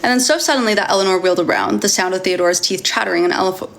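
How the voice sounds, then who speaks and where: Woman streamer, gravelly voice, casual read-aloud with asides, middling pitch. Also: racing, fairly bright tone, slight background noise. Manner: reads with stumbles and chatty asides to viewers. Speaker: livestreamer reading a novel aloud. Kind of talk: casual livestream reading aloud.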